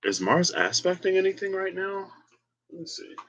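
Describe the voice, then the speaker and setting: A man's voice: sits high, very animated, normal speed, fairly bright tone, poor audio. A man giving a casual solo tarot reading and rambling as he thinks aloud. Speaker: tarot reader.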